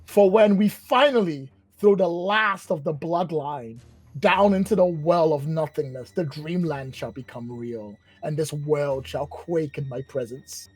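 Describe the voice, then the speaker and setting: A man's voice: on the high side, slightly rough, no echo, faint music behind. A man voicing a grandiose male villain who rules a dream realm, theatrical and gloating. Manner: theatrical, gloating, slow and measured.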